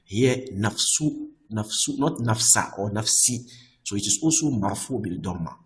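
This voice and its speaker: A man teaching Arabic grammar, often repeating himself and checking with "I hope that is clear.". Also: lowish voice, expressive, measured pace, rough recording. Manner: restarts and repeats words often. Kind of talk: explaining Arabic grammar on screen.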